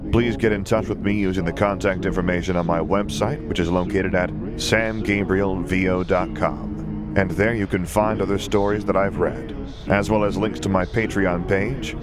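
A man narrating fan fiction in an even, measured reading. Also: low-pitched. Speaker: audiobook narrator.

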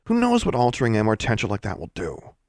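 A man's voice: on the low side, animated, fairly quick, no room sound, clean studio sound, pitched above the performer's own voice, lightly acted. A man voicing a bossy teenage wizard boy in an audiobook reading, teasing and tagging his lines with "right?".

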